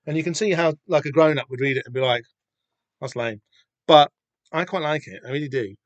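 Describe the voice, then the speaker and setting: A man's voice: a little high, quick pace, no room sound, muffled recording. A man hosting a podcast, chatting casually and rambling about a comic with lots of fillers and restarts. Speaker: podcast host. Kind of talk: casual comic read-through chat.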